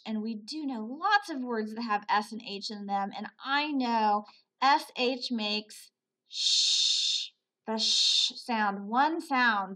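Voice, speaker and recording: A woman teaching a phonics lesson to children, sounding out words slowly, repeating them and praising often. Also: on the high side, bright, forceful tone. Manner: slow, patient, repeats words aloud for pupils; praises often, asks questions and answers them.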